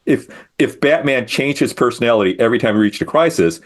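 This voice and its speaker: A man's voice: medium pitch, expressive, fast. A middle-aged man, a comic creator, talking casually as a guest in an interview, thoughtful and self-deprecating as he explains his work.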